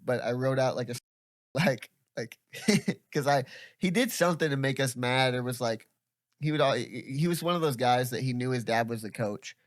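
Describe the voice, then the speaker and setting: A man's voice: medium pitch, moderate pace, dry recording, studio quality. A young man hosting a podcast, telling stories in casual chat, rambling with lots of laughs and swearing. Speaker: podcast host.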